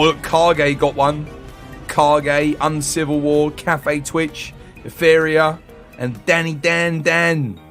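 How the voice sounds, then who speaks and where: A man chatting casually with his live-stream viewers. He is tired and his voice is fading after eighteen hours, and he jokes and thanks people by name in a weary, drawn-out way. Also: a little high.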